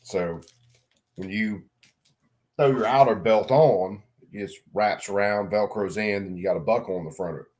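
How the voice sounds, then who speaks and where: A middle-aged man with a fairly low voice rambles through a casual vlog story. He swears freely, trips over his own sentences and keeps laughing at himself. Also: moderate pace, a little mellow. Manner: rambling, profane, self-mocking, laughs a lot. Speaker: vlogger.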